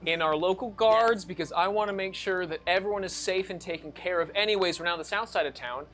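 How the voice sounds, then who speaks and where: A man's voice: high voice, fast talker, fairly bright tone. A man narrating as dungeon master of a streamed tabletop game, loose and rambling, with restarts and asides.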